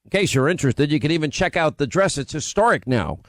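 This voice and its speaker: A man's voice: a little high, very animated, a bit bright, no echo. A man from Long Island with a New York accent, hosting a talk radio show in casual, bantering style. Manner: brash, bantering, quick to interrupt.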